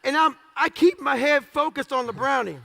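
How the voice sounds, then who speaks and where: High, gravelly, bright-voiced man telling a story. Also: moderate pace, slight background noise. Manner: blunt, profane, acts out dialogue. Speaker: motivational speaker. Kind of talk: storytelling speech.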